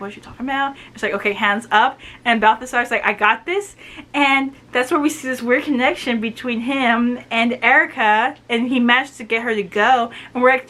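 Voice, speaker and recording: A woman casually recapping a novel's plot, retelling scenes with quick asides and quoted dialogue. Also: high-pitched, bright, forceful tone. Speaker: book reviewer.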